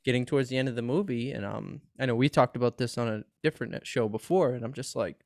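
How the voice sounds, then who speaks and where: A man co-hosting a casual podcast chat, animated and profane and laughing often. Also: medium pitch, quick pace, gravelly, no echo, clean studio sound. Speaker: podcast co-host.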